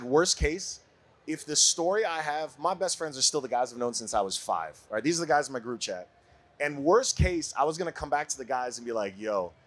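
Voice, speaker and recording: A man in his forties from Brooklyn, a podcast guest telling a story in a casual, animated way and laughing often. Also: fairly high pitch, breathy edge. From Brooklyn, USA.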